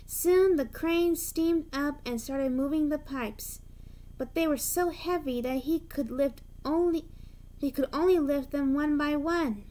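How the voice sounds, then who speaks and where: Slow high-voiced woman reading a storybook. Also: warm tone. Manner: chatty asides between the narration. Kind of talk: reading a children's storybook aloud.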